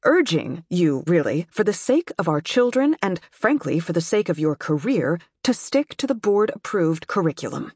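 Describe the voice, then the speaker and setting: A woman's voice: fairly low pitch, sing-song, moderate pace, few pauses, darkish tone, slightly rough, dry recording, clean studio sound. A woman voicing an anonymous mother who leaves a stiff, prepared, accusing phone message with a slight tremor. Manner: stiff, reading a prepared statement.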